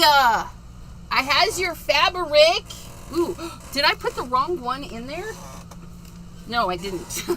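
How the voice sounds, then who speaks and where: A woman's voice: sits high, sharp tone, a little hiss or hum. A tired woman hosting a casual craft livestream, giggling and chatting as she reads out viewer comments. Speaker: livestream host.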